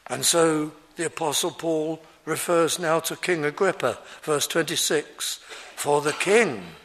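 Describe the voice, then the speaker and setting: A male preacher giving an expository sermon, explaining a scripture passage verse by verse in an earnest, measured way. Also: a little high, animated, fairly bright tone, slight background noise.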